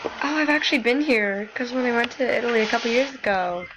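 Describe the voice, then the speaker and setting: A woman's voice: a little high, fast, background noise. Sick teenage girl chatting over a game. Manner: chatty, self-mocking. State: sick, congested. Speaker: gamer. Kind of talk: casual game commentary.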